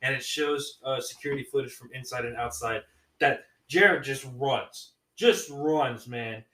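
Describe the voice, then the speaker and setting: A man's voice: mid-range voice, a little slow, fairly bright tone, echoey room, far from the mic, rough recording. A man casually retelling a movie plot on a podcast, rambling with many restarts. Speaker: podcast co-host reviewing movies.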